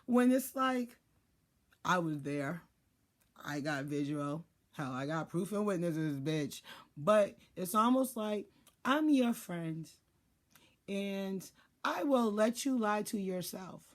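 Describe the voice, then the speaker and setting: A woman's voice: mid-range voice, lively intonation, takes it slowly. A woman giving casual life advice in a blunt, profane monologue, acting out what people say. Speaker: life and spiritual advisor.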